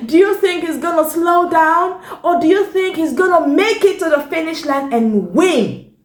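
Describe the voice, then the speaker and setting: A woman's voice: very high voice, moderate pace, reverberant. A woman reading a story aloud to young children in a sing-song, exclaiming way, often stopping to ask the listener questions. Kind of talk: animated read-aloud storytime.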